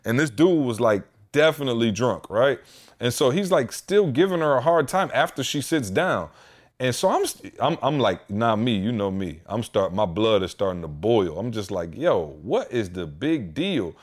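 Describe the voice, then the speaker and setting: Animated storytelling man in his thirties. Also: mid-range voice, normal speed. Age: 30s. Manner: animated, quotes people in heated voices. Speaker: podcast co-host. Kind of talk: casual storytelling chat.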